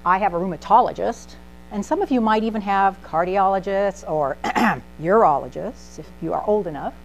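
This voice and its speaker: A woman's voice: mid-range voice, normal speed, poor audio. A middle-aged woman pharmacist giving a humorous talk, acting out voices in her stories. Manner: animated, acts out voices in anecdotes. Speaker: pharmacist speaker. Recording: faint mains hum.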